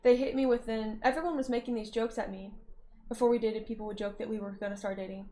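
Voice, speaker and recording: A young woman with a slightly high voice chats casually on a livestream. She reads her chat's messages aloud and teases back, laughing often and humming or singing bits between answers. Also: fairly even intonation, fast talker, warm tone. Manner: playful, teasing, laughs often and hums or sings in snatches. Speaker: streamer reading chat.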